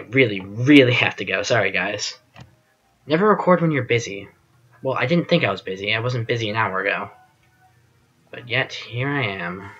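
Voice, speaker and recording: Bright-voiced man rambling over gameplay. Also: lowish voice, husky, muffled recording. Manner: rambling, chatty, self-deprecating, trails off with fillers. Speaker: gaming channel host. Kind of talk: casual gameplay commentary.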